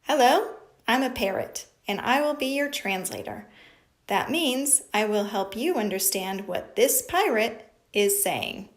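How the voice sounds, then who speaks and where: A woman's voice: on the high side, expressive, measured pace. A woman voicing a chatty, know-it-all parrot who translates pirate talk for kids in a puppet show. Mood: chirpy. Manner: chirpy, explaining pirate words.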